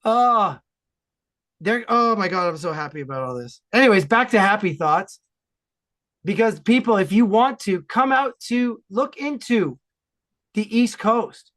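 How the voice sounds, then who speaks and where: A man from Ontario, Canada, talking enthusiastically and loudly as a guest in a casual podcast chat. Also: high voice. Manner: enthusiastic, animated, loud talker.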